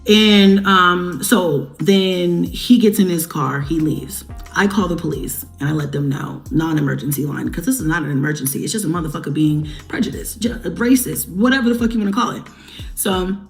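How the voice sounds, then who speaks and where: A woman's voice: fairly low pitch, moderate pace, faint music behind. Blunt, profane woman vlogger. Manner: blunt, heavily profane, emphatic; talks straight to viewers. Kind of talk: casual storytelling to camera.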